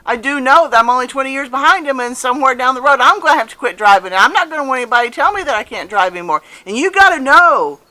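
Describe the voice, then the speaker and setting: A woman in her fifties speaks straight to her viewers in a bright, forward voice. She tells her story casually and earnestly, and she leans on repeated phrases to drive her points home. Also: sits high, lively intonation, very fast, few pauses. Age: 50s. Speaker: vlogger. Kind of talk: casual personal storytelling to camera.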